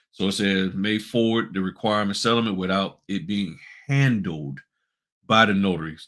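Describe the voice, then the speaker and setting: A man's voice: lowish voice, a bit bright. A middle-aged man hosting a casual tutorial on notary work, talking folksy and emphatic and addressing viewers as y'all. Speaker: notary business host. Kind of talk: casual screen-share tutorial.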